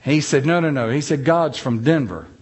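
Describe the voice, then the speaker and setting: A middle-aged man with a drawling North Carolina accent tells stories to a group. His voice sits a bit high for a man, and his delivery is folksy and self-deprecating, stretching his syllables out. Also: moderate pace, slight background noise. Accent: North Carolina Southern. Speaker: speaker giving a talk. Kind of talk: humorous storytelling talk.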